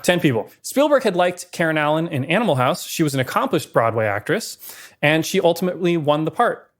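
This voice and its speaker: A man co-hosting a podcast, briskly running through film production trivia with dry asides. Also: a little high, sing-song. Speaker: podcast co-host. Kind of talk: casual film-history chat.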